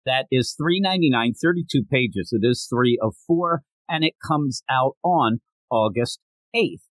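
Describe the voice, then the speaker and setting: Hosting a comic book show, this reviewer and podcaster jokes around casually, wandering into tangents and chatty asides. His medium-pitched voice is expressive and measured in pace, and the recording is dry.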